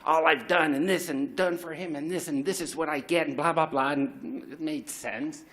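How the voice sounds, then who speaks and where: A man's voice: fairly high pitch, a bit bright. A middle-aged man telling a raw, confessional personal story at a live story slam, swearing freely and restarting his sentences.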